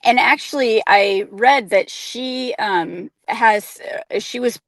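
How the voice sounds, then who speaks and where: A woman's voice: a little high, takes it slowly, fairly bright tone, dry recording. A young woman with an American Midwest accent, co-hosting a casual live-stream chat, talking in a chatty way with lots of fillers. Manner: chatty, filler-heavy, giggly. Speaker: co-host.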